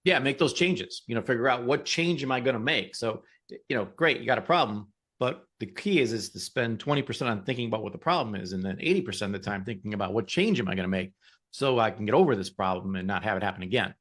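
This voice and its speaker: A man's voice: lowish voice, lively intonation, quick pace, a bit bright. A man co-hosting a motivational podcast, talking in an upbeat, encouraging way and often repeating words. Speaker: podcast co-host. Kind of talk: casual motivational chat.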